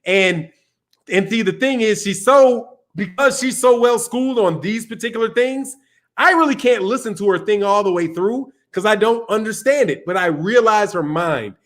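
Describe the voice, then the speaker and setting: A man with a high-pitched voice chats loosely on a live stream, rambling from thought to thought. He drops slang like dog and man, restarts his sentences, and reacts to comments as he reads them. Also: lively intonation, normal speed, fairly bright tone. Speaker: boxing channel host. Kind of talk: casual livestream chat.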